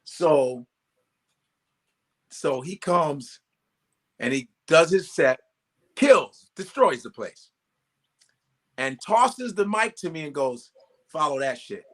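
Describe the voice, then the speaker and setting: A male comedian telling stories as a guest in a casual interview, animated and profane, acting out quoted voices. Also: fairly high pitch, slow pace, long pauses.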